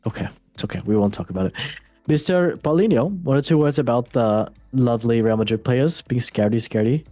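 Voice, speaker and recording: A man's voice: medium pitch, quick pace, dark tone, dry recording, soft background music. A man hosting a casual football podcast, playful and goofy, joking at his own expense. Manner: goofy, playful, self-mocking. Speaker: host.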